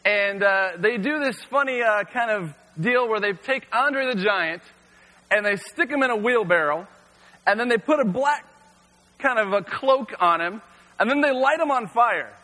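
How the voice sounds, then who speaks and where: Male youth pastor, relaxed storytelling sermon, crisp bright tone, long hall echo. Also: sits high, unhurried. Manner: casual storytelling with frequent fillers.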